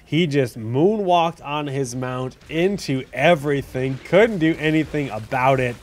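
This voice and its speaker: A man's voice: medium pitch, a little slow, slight background noise. Chatty man commenting on game replays. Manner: chatty, self-correcting, bursts into excited shouts at big plays. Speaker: host commenting on viewer-submitted game replays.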